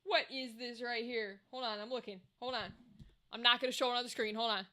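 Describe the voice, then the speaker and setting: A woman's voice: on the high side, steady tone, brisk, sharp tone. A woman livestreaming, chatting loosely with her viewers and reading their messages, rambling and swearing casually. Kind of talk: casual chat with chat.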